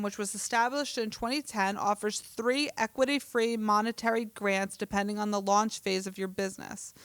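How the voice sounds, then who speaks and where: Chatty woman podcaster, smooth clear voice. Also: mid-range voice, dry recording. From New Jersey. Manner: chatty, laughs easily, reads with stumbles. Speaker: podcast co-host. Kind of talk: casual chat, reading an article aloud.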